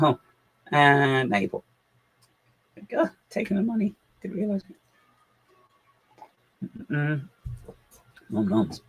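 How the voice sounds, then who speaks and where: Streaming his LEGO build live, this man chats casually, reads out comments from viewers, and mumbles to himself as he works. His voice is fairly low with a breathy edge, and the audio is poor.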